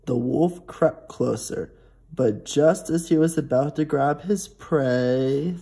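Slow-reading teenage boy, mellow voice. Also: on the high side, creaky, slightly rough. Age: teens. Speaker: storybook reader. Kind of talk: reading a picture book to preschoolers.

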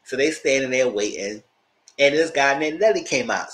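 Guy doing a chatty tv recap, pitch jumps all over, squeaky voices when he quotes folks. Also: normal speed, low-quality recording. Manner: animated storytelling, acting out quotes in a squealing high voice; loud laughs and shouted asides. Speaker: TV show reviewer. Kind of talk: casual recap commentary.

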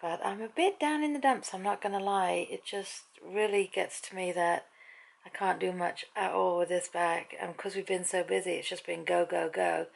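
A woman's voice: lowish voice, little pitch movement, moderate pace, creaky, low-quality recording. A middle-aged British woman chatting candidly to her viewers at home in a daily vlog. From Britain. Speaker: vlogger. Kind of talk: casual daily vlog chat.

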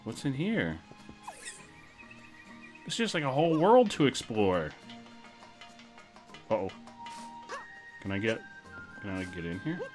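Young male streamer, lively swooping delivery, playful running commentary over soft game music. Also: on the low side, slow, pauses often. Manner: excitable, expressive, jokey. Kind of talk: casual gameplay commentary.

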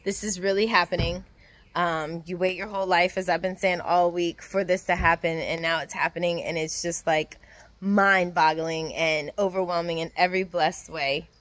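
A woman from Virginia, vlogging in a casual, excited way that turns emotional and close to tears. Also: lowish voice, normal speed, no room sound. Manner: excited, gushing. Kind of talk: casual vlog chat.

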